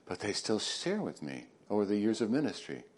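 A male pastor preaching in a somewhat low voice. He swings from loud, emphatic lines down to hushed near-whispers. He drops folksy jokes and questions to the congregation along the way. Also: huge pitch swings, a little fast. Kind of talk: sermon.

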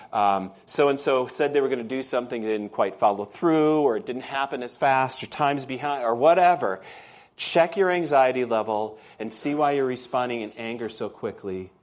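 Male pastor, casual storytelling sermon style, keeps checking in with the congregation. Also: medium pitch. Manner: storytelling, conversational, asks the congregation questions. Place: church.

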